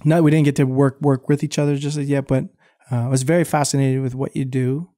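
A man's voice: mid-range voice, flat delivery, brisk, dark tone, no room sound, studio quality. A man hosting an interview, asking rambling, encouraging questions with plenty of "um"s. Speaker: interviewer host. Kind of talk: casual interview.

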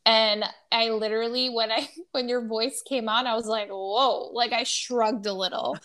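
A woman's voice: on the high side, steady tone, normal speed, fairly bright tone. A woman co-hosting a casual podcast, upbeat and chatty. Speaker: podcast co-host. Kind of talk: casual chat.

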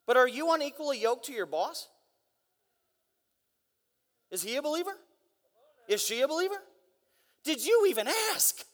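A young man giving an energetic guest sermon in a church, driving his points with rhetorical questions and mock voices. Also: very high-pitched. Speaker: guest preacher. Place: large church hall. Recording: long church hall reverb.

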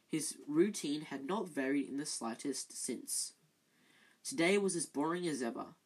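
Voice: mid-range voice, breathy edge, low-quality recording. A reader narrating a children's novel, stumbling over words and correcting themselves. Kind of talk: amateur audiobook reading.

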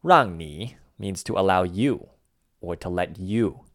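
A man with a deep voice co-hosts a language lesson podcast in a casual, easygoing way. He explains words with relaxed, musing asides. His voice sounds dry and close, with no room echo. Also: slow pace. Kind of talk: casual teaching banter.

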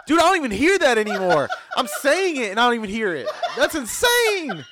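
A man's voice: very high-pitched, huge pitch swings, brisk, very noisy. A man chatting casually as a podcast guest, laughing a lot and swearing casually. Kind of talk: casual chat.

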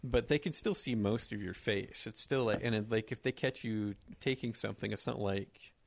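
A man's voice: lowish voice, normal speed, gravelly, dry recording. A young man cohosting a podcast who chats casually and makes laid-back, wry remarks. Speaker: podcast co-host. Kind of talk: casual chat.

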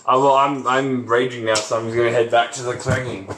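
A man's voice: medium pitch, flat delivery, brisk. A man playing a tabletop game, joking crudely about his character. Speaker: player. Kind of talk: casual tabletop game chat. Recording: echoey room, faint background noise.

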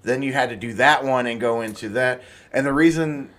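A man co-hosting a casual podcast, talking in a rambling way and correcting himself as he goes. His voice sits at an ordinary middle pitch. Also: brisk, fairly bright tone. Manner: rambling, self-correcting storyteller. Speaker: podcast co-host. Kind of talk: casual chat.

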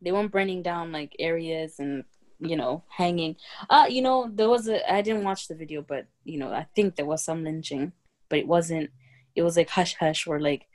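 Young woman, podcast co-host, lowish voice, rambling, lots of fillers. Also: moderate pace, a little mellow. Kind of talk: casual chat.

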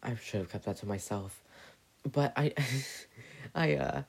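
Rough and gravelly, with a breathy edge, a man's medium-pitched voice moves slowly. He performs a comedy monologue full of profanity. He rambles and trips over his words as he goes.

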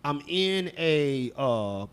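A Texan man co-hosts a podcast, chatting casually and telling stories in a loose, profane way full of laughter. His voice sits fairly high, swings widely in pitch, and comes through very slowly with a clean tone.

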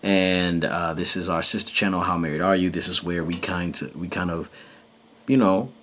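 A man's voice: sits low, steady tone, normal speed, fairly bright tone, a little hiss or hum. A man co-hosting a married couple's podcast, talking loosely with many fillers. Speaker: podcast co-host. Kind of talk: casual chat.

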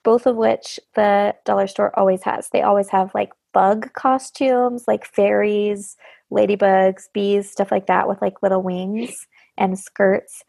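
A woman's voice: medium pitch, level tone, measured pace, gravelly, a little mellow, no room sound. A woman in her thirties hosting a podcast in casual chat, bubbly and laughing often. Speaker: podcast host.

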